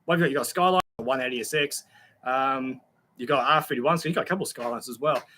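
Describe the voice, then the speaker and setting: A man's voice: mid-range voice, fast, pushed and bright, a little hiss or hum. A young Australian man hosting a casual live stream, chatting in a friendly way with many fillers and greeting viewers by name. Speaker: YouTube channel host reading live chat.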